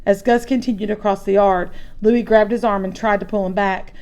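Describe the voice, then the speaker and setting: A woman's voice: mid-range voice, fairly even intonation, a little fast, a little mellow. A woman reading a chapter book aloud to children, adding chatty asides. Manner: chatty asides between story passages.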